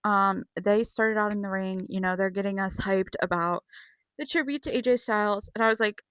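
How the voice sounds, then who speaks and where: A girl chatting her way through a casual recap vlog, rambling and excitable, swearing freely and filling pauses with "um." Her voice is bright and forward. The recording is dry and close, with no room sound. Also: medium pitch, clean tone, dry recording. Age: young. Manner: rambling, excitable, swears often, many fillers. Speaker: vlogger.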